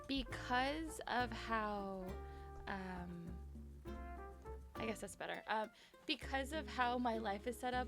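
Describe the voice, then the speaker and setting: A young woman streamer chats casually and apologetically with viewers from her bedroom at home during a live stream. She rambles between topics in a brisk work voice pitched on the high side.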